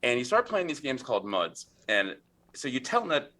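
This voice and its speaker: A man's voice: medium pitch, big pitch swings, moderate pace, a bit bright. A middle-aged man, a podcast guest, telling a rambling story in casual interview talk, full of fillers and restarts.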